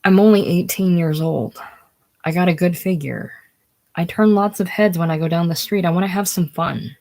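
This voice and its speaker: A reader voicing a distraught eighteen-year-old young mother, pleading, shouting and whispering by turns, in a casual screenplay reading. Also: medium pitch, normal speed, lightly acted. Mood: desperate.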